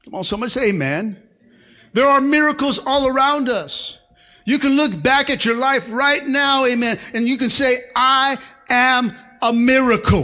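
A man's voice: extremely high pitch, moderate pace. A male pastor preaching a sermon to a congregation, fervent and rousing, with frequent calls of amen and come on. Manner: fervent preaching with call-and-response, punctuated by shouted amens. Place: church service before a congregation.

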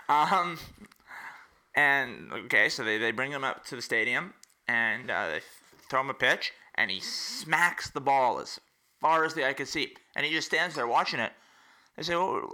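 Male co-host with a very bright tone, casual, tells groan-worthy jokes and then explains them. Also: mid-range voice. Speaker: podcast co-host. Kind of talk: casual chat.

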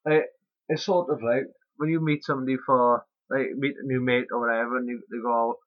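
This podcast host is a young man with a steady, mid-range voice and a brisk delivery. His casual chat drifts loosely with offhand swearing, and the audio sounds muffled and lo-fi.

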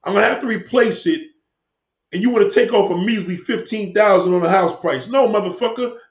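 Fairly quick and high-voiced, this man rants to viewers of his stream in a heated, profane ramble that moves from point to point. Echoey room acoustics and dull lo-fi audio come through.

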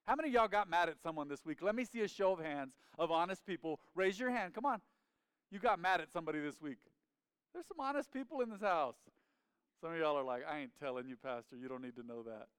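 A pastor in his forties preaching a sermon in church, animated and calling on the congregation to respond. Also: high voice, fast talker, clear, resonant tone, no echo. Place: church sanctuary.

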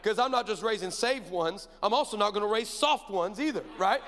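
A man preaching a sermon, telling a story and acting out the dialogue with animated energy. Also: sits high, fairly quick. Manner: animated, acts out dialogue, builds to shouted preaching. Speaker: pastor. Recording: long hall reverb.

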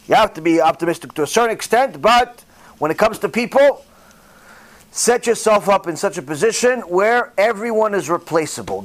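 High-voiced rabbi preaching animatedly. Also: male voice. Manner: animated storytelling, acting out dialogue in different voices. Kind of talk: sermon.

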